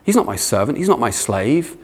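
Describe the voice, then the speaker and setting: Animated male preacher. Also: mid-range voice, fairly quick, slightly rough. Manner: animated preaching with playful asides. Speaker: pastor. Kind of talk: sermon.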